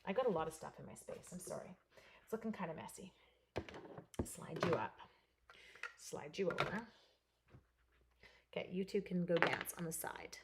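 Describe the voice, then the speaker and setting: Brief: chatty Canadian woman crafter, slightly hoarse, live demo host greeting the chat. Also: lowish voice, animated, normal speed, pauses often, heavy background noise. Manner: chatty, bubbly, talks to viewers by name. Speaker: stamping and card-making demonstrator.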